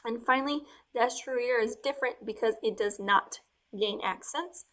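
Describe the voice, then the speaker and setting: Writing out Spanish verb forms as she goes, a woman walks through each change in a slow, step-by-step grammar explanation. Her voice is a little high, and at times it sinks to a gentle murmur while she writes.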